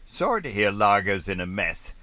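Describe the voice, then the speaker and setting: A man's voice: fairly low pitch, sing-song, normal speed, pushed and bright, dry recording. A man voicing a breezy, joking fellow yachtsman on the radio who speaks in a playful way. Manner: jokey, playful.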